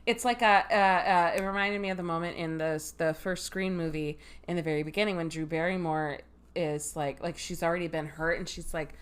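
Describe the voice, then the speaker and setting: A woman's voice: on the low side, fairly even intonation, fairly quick, clean tone. A woman co-hosting a podcast who is a bit drunk, giggling and swearing in casual chat. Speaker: podcast co-host.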